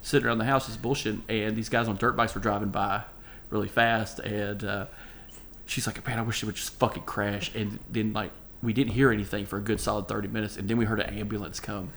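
A man's voice: fairly low pitch, little pitch movement, fairly quick, vocal fry, fairly bright tone, a little hiss or hum. A man hosting a podcast, telling stories in casual, profane chat and laughing often. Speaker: podcast host.

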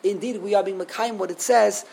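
A man's voice: high-pitched, fairly even intonation, a little fast, creaky, a little mellow, rough recording. Man, rabbi, Torah sermon, emphatic, rhetorical questions, repeats words, faint background noise.

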